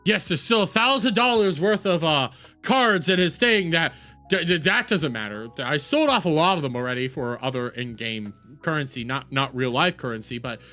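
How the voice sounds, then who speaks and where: Loud, mocking male streamer. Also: fairly high pitch, expressive, moderate pace, faint music behind. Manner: loud, profane, mocking, swings between shouts and mutters. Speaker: streamer reacting to a video. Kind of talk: casual livestream reaction commentary.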